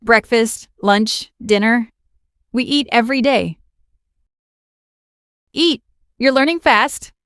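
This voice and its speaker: A woman leads a beginner English lesson in a raised, slightly high voice. She speaks very slowly and clearly, repeating each word for listeners to copy. The sound is dry and close, with no room echo. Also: fairly bright tone. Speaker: English teacher.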